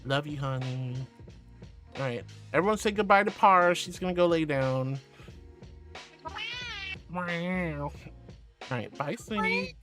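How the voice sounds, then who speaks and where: A male VTuber streamer chats casually with his viewers and reads their messages aloud. His voice sits fairly high, and he talks in a gentle, doting way, calling everyone sweetie and darling. Quiet music plays underneath. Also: lively intonation, moderate pace. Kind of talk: casual chat, reading chat aloud.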